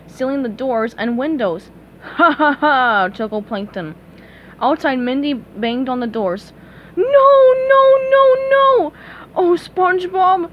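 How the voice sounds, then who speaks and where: A woman's voice: on the high side, lo-fi sound, slight background noise. A young woman reading a storybook aloud steadily and fixing small slips as she goes. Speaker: reader.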